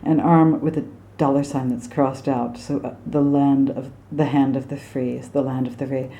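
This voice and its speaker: A woman's voice: extremely low pitch, little pitch movement, moderate pace, mellow. An American woman teaching song lyrics with drawings, chatty and poking fun at her own slips. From United States. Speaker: singing and diction teacher.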